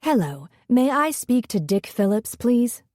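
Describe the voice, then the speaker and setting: A man's voice: extremely high pitch, very animated, measured pace, no echo, studio quality, heavily acted. A woman doing a polite male caller. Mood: courteous. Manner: courteous, formal.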